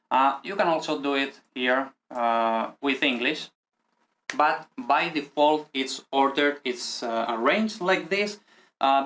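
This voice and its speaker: A man's voice: fairly high pitch, fairly bright tone. Spanish-accented man teaching, hedging. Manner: hedging, ends phrases with a questioning "no?". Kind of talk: casual screen-share language lesson.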